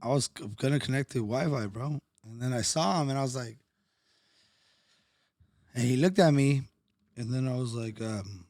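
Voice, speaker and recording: A man who coaches and hosts a podcast, chatting casually and asking drawn-out questions full of fillers. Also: mid-range voice, a little mellow, dry recording, clean studio sound. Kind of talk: casual chat.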